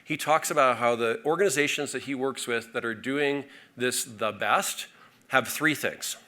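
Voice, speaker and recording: A man giving a conference keynote from a stage, energetic and full of fillers and restarts. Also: mid-range voice, moderate pace. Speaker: keynote speaker.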